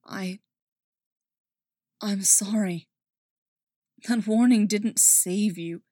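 A worn-out male spy confesses with weary regret, as a woman voices him. The reading is steady and mid-pitched, close and dry. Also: very slow, breathy edge, dry recording. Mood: remorseful. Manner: tired, apologetic. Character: remorseful male imperial spy, tired.

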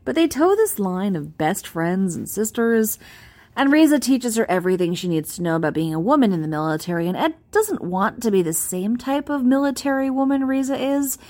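A woman casually reading a fan-written post aloud, amused and expressive. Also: a little high, brisk. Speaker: reader.

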